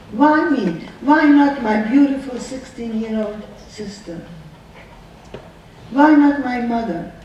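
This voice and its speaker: A woman's voice: a little high, darkish tone, lo-fi sound, a little hiss or hum. A woman in her nineties giving a personal testimony, telling her story earnestly and asking many rhetorical questions. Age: 90s. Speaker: survivor speaker. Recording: distant echoey hall recording, faint ambience.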